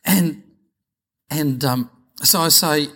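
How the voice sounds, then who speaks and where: A middle-aged Australian pastor preaches by telling anecdotes. His voice sits a touch high. He is chatty and acts out each exchange with animation. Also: slow pace, bright, forceful tone. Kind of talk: sermon storytelling.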